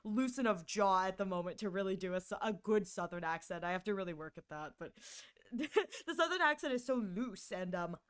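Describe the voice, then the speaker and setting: A woman with a Northern US accent chatting casually on a live stream, bubbly and excitable, often laughing. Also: mid-range voice, brisk, clear, resonant tone.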